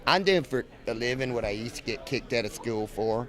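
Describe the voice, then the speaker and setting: Manic, wildly animated man. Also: medium pitch, brisk. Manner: manic, jumps into silly voices mid-sentence. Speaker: voice actor guest. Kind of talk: convention interview. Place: convention. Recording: outdoor convention recording.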